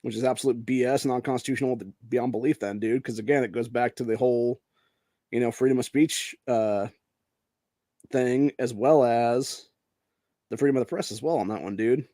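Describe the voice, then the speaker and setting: A man's voice: medium pitch, steady tone, normal speed, warm tone, no echo. A man from Ohio hosting a podcast, giving casual news commentary in a brash, profane way that is heavy on "dude.". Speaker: podcast host.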